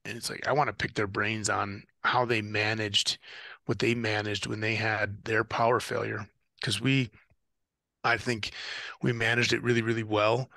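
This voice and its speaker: Adult man, gravelly and bright. Animated podcast guest recounting sea adventures. Dry recording. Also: fairly low pitch, no echo. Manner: animated storyteller, acts out radio calls. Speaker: guest, ocean rower and former Marine officer. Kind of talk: casual storytelling interview.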